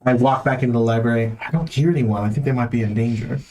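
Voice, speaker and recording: A man's voice: medium pitch, fast talker, a little mellow, recorded from a distance, a little hiss or hum. A man player in a tabletop game, playful and jokey. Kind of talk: casual tabletop game talk.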